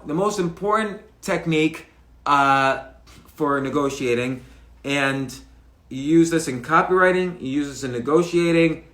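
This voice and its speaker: A man's voice: a little high, fairly bright tone. Middle-aged man talking casually in a roomy echo. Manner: conversational, restarts phrases, acts out dialogue examples. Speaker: host. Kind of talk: casual live-stream talk. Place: home room, livestream. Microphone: mic on a stand.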